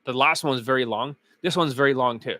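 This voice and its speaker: A dating coach streaming live, lecturing bluntly and with heavy profanity, his voice getting hoarse. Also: medium pitch, quick pace, bright, forceful tone, dry recording. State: losing his voice. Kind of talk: livestream rant.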